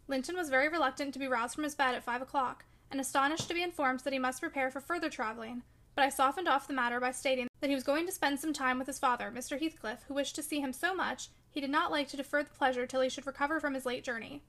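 A woman reads a classic novel aloud in clear, steady narration. Her voice is high and bright, and she tells the story at an even pace. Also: quick pace. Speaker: audiobook reader.

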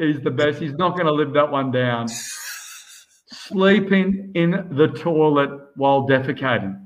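A man's voice: fairly high pitch, slow. An Australian man, a swim coach, chatting casually on a podcast and telling stories with plenty of "mate". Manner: lively storyteller, calls everyone mate. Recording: muffled lo-fi audio.

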